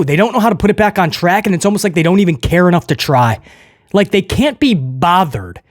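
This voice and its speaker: A man's voice: sits high, no echo, studio quality. A man giving a casual, opinionated wrestling show review, rambling with jokey asides.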